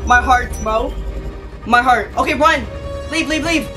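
A young woman hosting a gaming channel, giving excited let's-play commentary, shouting, laughing and talking in slang. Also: high-pitched, measured pace, pauses often, distant mic. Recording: voice a bit off-mic over game music.

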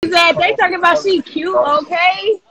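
A woman chatting loudly on a livestream, taunting and laughing in brash slang. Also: very high-pitched, steady tone, moderate pace, a crowd in the background, poor audio. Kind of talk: casual livestream chat.

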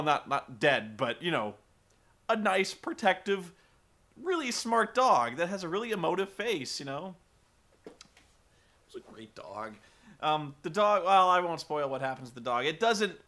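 A man giving a casual, rambling movie review, swearing freely and often restarting his sentences. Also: fairly high pitch. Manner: profane, animated, many restarts. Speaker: vlog film reviewer.

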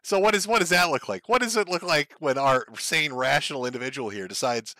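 A man's voice: a little high, fairly quick, bright, forceful tone, dry recording. A man hosting a stream, giving mocking commentary over clips and laughing often. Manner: laughs often, sneering and gleeful. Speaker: streamer host.

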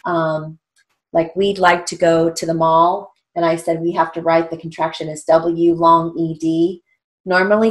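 A woman teaching a steno theory lesson, patiently spelling out strokes letter by letter. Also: low voice. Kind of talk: recorded lesson.

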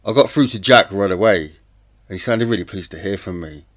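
Low-voiced man narrating true crime. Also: brisk, a bit bright. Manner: plain, conversational storytelling. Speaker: audiobook narrator. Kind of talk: first-person true-crime audiobook narration.

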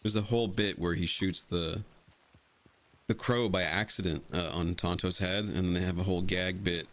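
A man's voice: deep voice, fairly even intonation, moderate pace, fairly bright tone. A young man giving a casual, blunt voice-over commentary about his own film edit and swearing freely as he talks. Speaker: video creator explaining his fan edit of a film.

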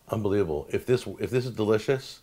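A man hosting a home cooking show, talking casually and enthusiastically, stammering and repeating words when excited. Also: fairly low pitch, a little fast, breathy edge. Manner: enthusiastic, gushing over food. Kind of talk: casual cooking demonstration talk.

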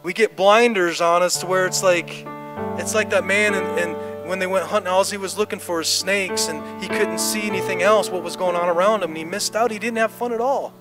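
Guy preaching hard at church, high voice, music playing under him. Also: fairly quick. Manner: impassioned, repetitive, rising to declarations. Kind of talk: sermon with closing prayer. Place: church service.

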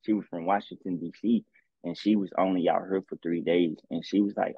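Young st. guy, husky and lowish voice, slangy stories, phone-like tinny sound. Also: brisk, no room sound. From St. Louis, US. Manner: animated storyteller, slangy, profane. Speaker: podcast guest, music producer. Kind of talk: casual chat.

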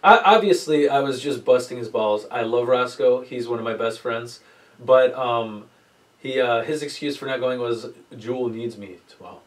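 A man hosting a casual podcast, telling a rambling story, swearing often and acting out the quotes with lively voices. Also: mid-range voice, moderate pace, far from the mic, rough recording. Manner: rambling storyteller, swears a lot, animated quoting. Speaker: podcast host. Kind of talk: casual chat.

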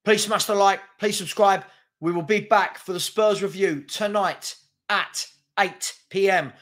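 A man's voice: high-pitched, fairly even intonation, a little slow, a bit bright. A man, hosting a football fan channel and ranting in anger, with repeated rhetorical questions. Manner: exasperated, repetitive rhetorical questions. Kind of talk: angry fan rant to camera.

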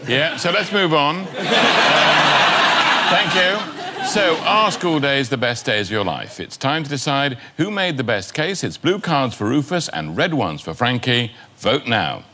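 An older man hosting a comedy panel show, brisk and brushing off teasing to move things along. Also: mid-range voice, sing-song. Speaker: game show host. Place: TV studio with live audience. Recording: loud noise and audience laughter.

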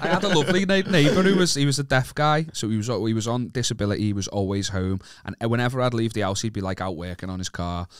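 A man's voice: on the low side, fairly even intonation, fast talker, few pauses, clean tone, no echo, studio quality. A man from the north of England co-hosting a casual podcast, telling stories with lots of swearing and laughter. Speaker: podcast co-host.

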